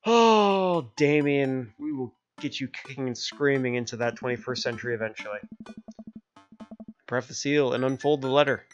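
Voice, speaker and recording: A young man's medium-pitched, steady voice moves fairly quickly as he streams a dating game. Joking as he goes, he alternates between narration and character voices. The recording is slightly dull lo-fi with faint music.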